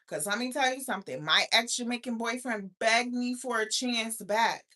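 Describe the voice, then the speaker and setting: A woman's voice: fairly high pitch, moderate pace, sharp tone. A woman hosting a live stream in casual chat, talking bluntly and profanely to her viewers. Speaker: livestream host.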